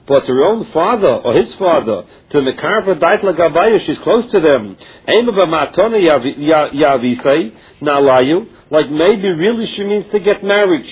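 A man's voice: fairly high pitch, husky. A man teaching a Talmud class, reading Aramaic phrases and explaining each one in plain English. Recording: dull lo-fi recording.

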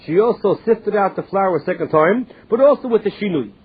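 Man, higher voice, husky, phone-line sound, talmud class. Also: expressive, a little fast. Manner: reads Aramaic lines, then explains in English with restarts. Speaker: Talmud teacher. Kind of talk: Talmud class, translating text. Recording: tinny phone-line audio.

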